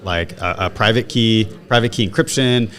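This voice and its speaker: A man as a guest in a casual interview, explaining his product in a relaxed way. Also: lowish voice, normal speed. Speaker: guest, startup founder.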